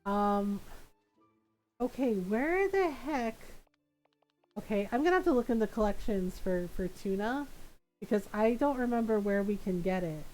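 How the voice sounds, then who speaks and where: A woman's voice: fairly high pitch, animated, measured pace, darkish tone, faint music behind, rough recording. A young woman streaming a game, chatting casually, rambling as she thinks aloud and laughing often. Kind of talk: casual gameplay chat.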